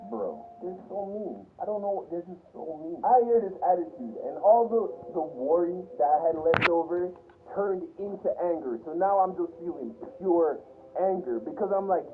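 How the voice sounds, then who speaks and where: A young man, a YouTuber, telling a personal story in a casual, animated, profane way. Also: high-pitched, normal speed, soft background music. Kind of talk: storytime vlog. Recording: tinny phone-like sound with faint hiss.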